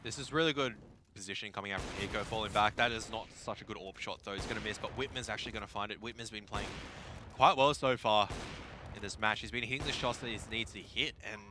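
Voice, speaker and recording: A man calling a competitive shooter match with quick play-by-play and playful banter. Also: lowish voice, fairly even intonation, background noise. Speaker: esports caster. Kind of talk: play-by-play commentary.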